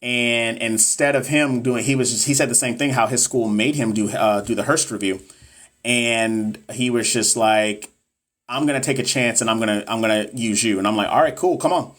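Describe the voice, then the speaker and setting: A man's voice: medium pitch, fairly even intonation, normal speed, fairly bright tone. A man tutoring nursing exam students on a casual livestream, reading viewer comments and chatting loosely with lots of fillers. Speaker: NCLEX tutor and course seller. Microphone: phone or webcam on a livestream.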